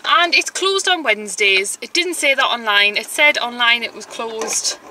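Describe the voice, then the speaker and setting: Bright-voiced chatty young woman. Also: fairly high pitch, lively intonation, normal speed, a little hiss or hum, low-quality recording. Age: young adult. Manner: chatty, exasperated ranting with frequent "like". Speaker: vlogger. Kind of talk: casual vlog chat.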